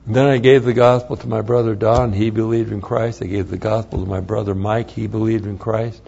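An older man giving an earnest, plain-spoken personal testimony, with halting restarts as he tells his story. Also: on the low side, level tone, gravelly, a little mellow, slightly rough. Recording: dull lo-fi recording.

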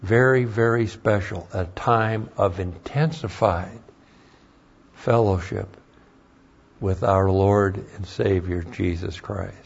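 A man teaching a Bible class as a pastor, deliberate and emphatic, pressing on key words in sermon style. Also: fairly low pitch, creaky, breathy edge, muffled recording.

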